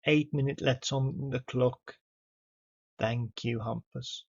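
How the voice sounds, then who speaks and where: A man calls the action of a football management game in an excitable, chatty play-by-play. His voice sits in a middle pitch. He talks straight to his players and the referee, and the recording sounds a little dull and muffled. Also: takes it slowly, gravelly. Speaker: gaming YouTuber.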